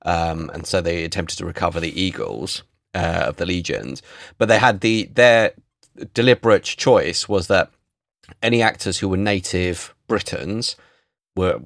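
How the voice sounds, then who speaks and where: A man's voice: low-pitched, creaky, no echo, studio quality. A man chatting on a podcast, wry and jokey, going off on film tangents. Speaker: podcast co-host. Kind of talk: casual chat.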